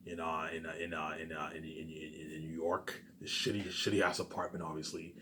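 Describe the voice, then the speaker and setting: A man pitching his movie ideas in a rambling, casual monologue, stumbling over restarts, repeating stock phrases and swearing now and then. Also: flat delivery, a little fast, a bit bright, slight background noise. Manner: repetitive, stumbling restarts, keeps saying "you know what I'm saying" and "obviously".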